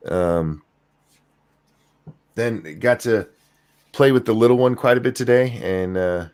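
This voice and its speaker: An older man hosting a casual podcast chat, relaxed and rambling with fillers. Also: mid-range voice, slow pace. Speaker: host.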